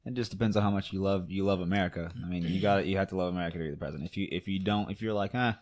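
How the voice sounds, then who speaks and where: A man with a very deep voice co-hosts a podcast in casual talk. He is blunt and swears freely, and he rambles as he makes his points. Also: steady tone, rapid-fire, a little mellow. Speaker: podcast co-host. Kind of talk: casual chat.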